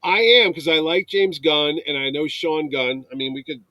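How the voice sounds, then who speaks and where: A man in his fifties from New York chats in a lively, storytelling way and acts out other people's voices as he goes. His voice sits a bit high for a man. The sound is dry and close, with no room echo. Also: normal speed. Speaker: convention producer. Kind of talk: casual chat.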